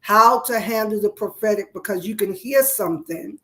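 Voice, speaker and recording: A woman's voice: medium pitch, moderate pace, pushed and bright. Encouraging woman leading a live devotional. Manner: encouraging, rousing call-and-response with viewers. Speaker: spiritual teacher hosting a live morning session. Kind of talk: live-streamed devotional teaching. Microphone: phone.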